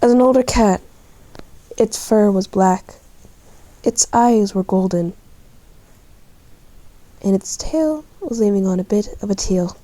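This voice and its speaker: A woman narrating her own animal story in a plain, halting way. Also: mid-range voice, dark tone. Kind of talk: reading a homemade animal story.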